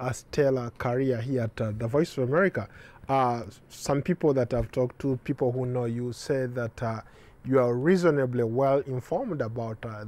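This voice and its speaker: A man interviewing a guest, asking questions hesitantly with many filler pauses. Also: mid-range voice, darkish tone.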